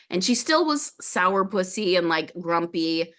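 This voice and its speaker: A middle-aged woman telling a personal story as a podcast guest, in an animated way that acts out the voices of people she quotes. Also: fairly low pitch, unhurried, hardly any pauses.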